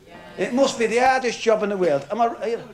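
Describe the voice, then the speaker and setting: A man's voice: high-pitched, quick pace, faint music behind. A male stand-up comedian telling jokes in a chatty way, full of "you know" asides. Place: club stage before a laughing audience. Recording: crowd noise, noisy 1970s TV recording.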